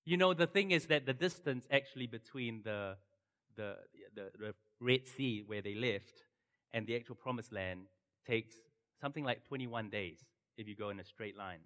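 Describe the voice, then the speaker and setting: A middle-aged man preaching a sermon and telling the story with animated swings from loud to hushed. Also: medium pitch, moderate pace, long reverb tail. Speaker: pastor.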